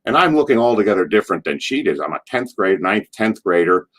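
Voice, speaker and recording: Middle-aged guy w a lowish voice spinning old wrestling stories, rambly, keeps doing the yelling bits. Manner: animated, acts out quotes in a loud, drawn-out voice; rambling, with restarts and asides. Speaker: former wrestler being interviewed. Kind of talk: casual anecdotal storytelling.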